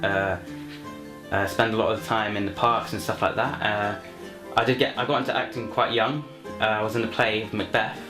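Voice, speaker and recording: Young man, rambling comic storyteller; low-pitched, echoey room, faint music. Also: fairly even intonation, brisk. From London. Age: young adult. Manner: rambling, many fillers and restarts. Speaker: university student, actor. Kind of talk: self-introduction and comic story for a showreel. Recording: roomy echo, faint music.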